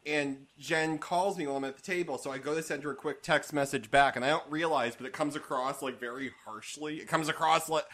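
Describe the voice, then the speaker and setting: A man's voice: a little high, fairly even intonation, a little fast, hardly any pauses, pushed and bright. Wry, teasing man in casual chat.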